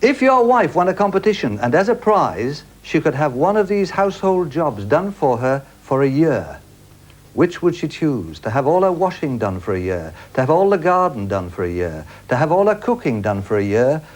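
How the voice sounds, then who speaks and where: A man's voice: fairly high pitch, sing-song, normal speed. A man hosting a studio game show with a jokey, teasing patter and a studio audience.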